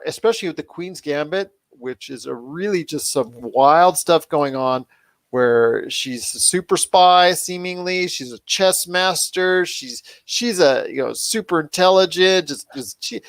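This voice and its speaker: A man's voice: high-pitched, dry recording. A man hosting a pop culture podcast, talking enthusiastically and rambling with restarts. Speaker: podcast host. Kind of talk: casual podcast chat.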